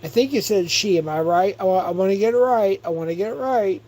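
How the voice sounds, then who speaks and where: A man's voice: high voice, quick pace, darkish tone, poor audio. A man hosting a livestream, rambling and profane as he gossips and reads chat aloud. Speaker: livestream host.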